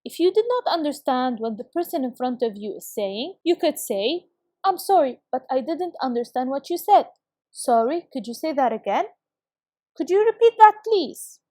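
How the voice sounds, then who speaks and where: A woman teaching a recorded English lesson with a clear, encouraging classroom delivery. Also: high voice, very animated, moderate pace, warm tone, no echo, clean studio sound.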